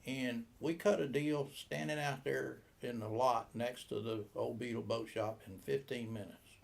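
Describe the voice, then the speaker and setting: A man's voice: medium pitch, fairly even intonation, a little slow, gravelly. A man in his seventies who owns a boat shop, telling a long, rambling story in an interview and acting out the dialogue. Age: 70s. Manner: rambling anecdotal, acts out quoted dialogue.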